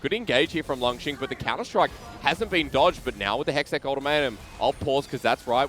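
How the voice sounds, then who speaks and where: A man with an Australian accent calling play-by-play esports commentary, excitable and joking between calls. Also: mid-range voice, quick pace, hardly any pauses, faint music behind. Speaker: esports caster.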